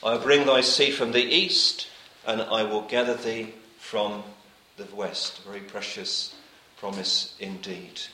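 A man preaching to a congregation, reading old scripture wording and then pressing each point home by repeating it. His voice is bright and clear, and it rings through an echoey church hall. His phrases often sink to a soft, quiet finish. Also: on the low side, fairly even intonation, unhurried, hardly any pauses. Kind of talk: sermon.

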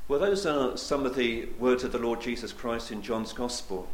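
A male preacher delivering a sermon, swinging between loud emphatic declarations and quiet, drawn-out endings. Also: mid-range voice, echoey room, slight background noise.

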